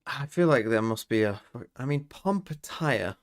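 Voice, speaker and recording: Gravelly streamer thinking out loud. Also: male voice, medium pitch, animated, measured pace. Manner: thinks aloud, muttering guesses and reading chat. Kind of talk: casual livestream chat.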